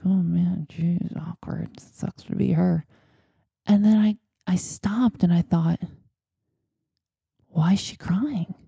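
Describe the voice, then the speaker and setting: A woman's voice: low voice, creaky, warm tone, no echo, clean studio sound. A woman hosting a podcast, telling a personal story in a chatty, rambling way. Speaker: podcast host. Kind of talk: casual storytelling.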